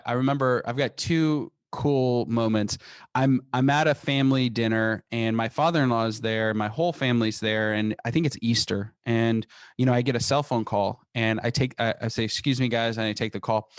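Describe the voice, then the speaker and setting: Energetic founder in a dry interview. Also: male voice, mid-range voice, normal speed, clear, resonant tone, no echo. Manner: energetic, frequent restarts and repeated words. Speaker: company founder, interview guest. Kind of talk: conversational podcast interview.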